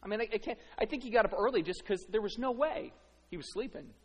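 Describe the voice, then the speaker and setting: A middle-aged man preaches in a big hall, his voice sitting a little high and carrying a long echo. He swings from near-whispers to loud, stammering outbursts as he voices the thoughts of the people he describes. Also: expressive, fast talker, breathy edge. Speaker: pastor. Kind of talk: sermon. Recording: long reverb of a large hall.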